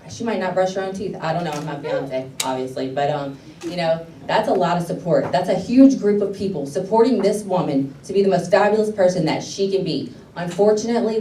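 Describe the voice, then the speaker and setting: A woman's voice: lowish voice, mellow, slight background noise. A woman from Louisiana, a pageant contestant, giving an earnest, heartfelt motivational speech with frequent ums. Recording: roomy hall from a distance.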